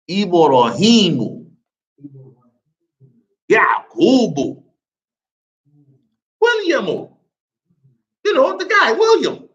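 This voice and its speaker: A male Arabic teacher with a high, bright, forceful voice leads a classroom grammar lesson, drilling students through call-and-response. He throws in jokes as asides, and the classroom recording is lo-fi.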